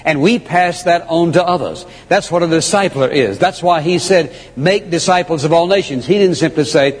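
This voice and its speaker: A man preaching a sermon, emphatic and repeating key phrases, slowing down to read scripture. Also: on the high side. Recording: long hall reverb.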